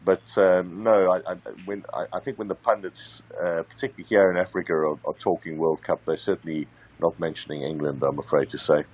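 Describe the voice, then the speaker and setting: A man speaking as a football correspondent over a remote line, in a measured, slightly hesitant way. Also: deep voice, steady tone, darkish tone, highs cut off. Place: based in Africa.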